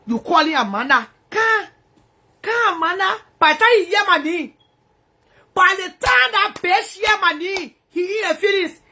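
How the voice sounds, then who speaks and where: A woman's voice: very high voice, animated, normal speed, sharp tone. A woman ranting angrily in profane, repetitive bursts from her bedroom. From Liberia. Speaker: social media personality.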